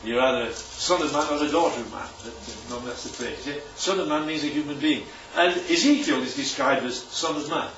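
Animated preacher in an echoey hall. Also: male voice, mid-range voice, fairly quick, hardly any pauses, slight background noise. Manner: animated, emphatic, rhetorical "right?" asides. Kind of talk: sermon. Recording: echoey room, distant mic, dull sound.

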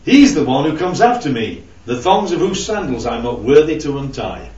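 A man's voice: on the high side, very animated, normal speed, darkish tone. A man leading an informal Bible study with a small group, talking conversationally and often checking in with "right?" and "yeah?". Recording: roomy, distant, dull lo-fi recording.

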